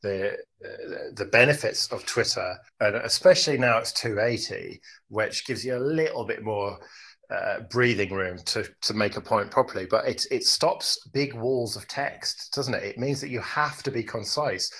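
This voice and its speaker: A man makes a measured case in a relaxed podcast discussion. His voice sits a little low and has a husky grain. He builds his point one step at a time. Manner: thoughtful, builds an argument step by step. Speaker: podcast co-host. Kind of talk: casual chat.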